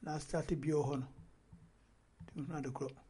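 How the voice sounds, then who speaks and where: Husky high-voiced man chatting about football. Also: normal speed. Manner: animated, talks over the other speaker, laughs often. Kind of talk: casual chat about football.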